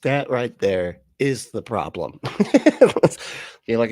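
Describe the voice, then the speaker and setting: A man's voice: fairly low pitch, expressive, takes it slowly, no room sound, clean studio sound. Sarcastic, mocking man commentator. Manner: mocking, profane, laughing often. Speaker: livestream commentator.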